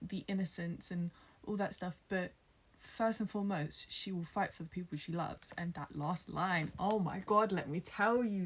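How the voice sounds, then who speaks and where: Woman book vlogger, tired but excitable, gushing casual chat with whispered asides. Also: medium pitch. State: tired after hours of reading. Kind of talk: casual reading vlog chat.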